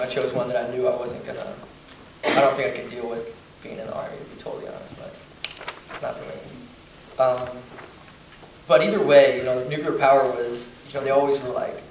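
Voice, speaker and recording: A young man in his twenties speaking at a veterans' panel in a relaxed, reflective way, with lots of "like" and "you know.". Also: mid-range voice, a little fast. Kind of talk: casual reflective talk at a panel. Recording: very echoey room, distant mic, faint noise.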